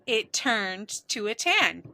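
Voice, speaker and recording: Woman co-host, easygoing chatty storyteller, slow relaxed delivery. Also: mid-range voice, creaky, a little hiss or hum, poor audio. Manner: chatty storyteller, laughs often. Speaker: podcast co-host. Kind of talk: casual chat.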